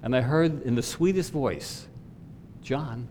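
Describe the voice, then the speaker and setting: A man's voice: medium pitch, expressive, moderate pace, a little mellow, slight background noise. Earnest man preaching in a reverberant hall. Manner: earnest, rising emphasis on questions to the congregation. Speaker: pastor. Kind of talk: sermon. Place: church sanctuary. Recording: long reverb from a church hall.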